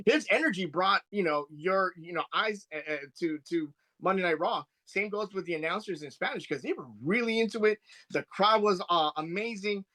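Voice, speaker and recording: A man co-hosting a casual wrestling podcast, talking in an excited, rambling way with many restarts. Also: high voice, normal speed. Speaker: podcast co-host.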